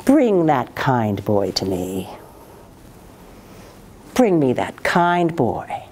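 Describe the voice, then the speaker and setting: A woman's voice: very deep voice, very animated, very slow, a little mellow, slight background noise, voice pushed down, heavily acted. A woman voicing a greedy, demanding emperor. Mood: stern. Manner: commanding, then pleading and eager. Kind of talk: storytelling.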